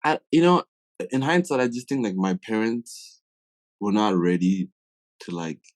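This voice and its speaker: A young man from Africa tells a story as a podcast guest, with a low, deep voice. He acts out the lines of the people in it and drops "like" often. The recording is dry and close, with no room sound. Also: measured pace, no echo. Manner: lively storyteller who acts out quoted dialogue, with frequent "like" fillers. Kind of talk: casual storytelling.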